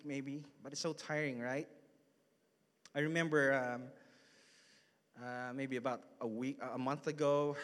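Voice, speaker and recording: Chatty pastor with a reverberant hall sound. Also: male voice, mid-range voice. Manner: chatty, full of fillers and asides to the congregation. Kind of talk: casual storytelling sermon. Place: church hall.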